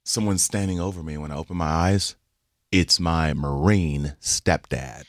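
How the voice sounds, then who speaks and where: A man's voice: unhurried, dry recording. A man in his forties, a podcast co-host telling a funny story in casual chat and acting out the voices in it. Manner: animated, acts out quoted voices with big pitch jumps.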